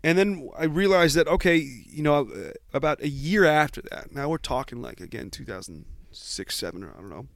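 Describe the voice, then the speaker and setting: A man's voice: fairly high pitch, animated, brisk, gravelly, few pauses, dry recording. A man in his forties casually telling a long story about his start, rambling and self-deprecating with many restarts. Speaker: guest.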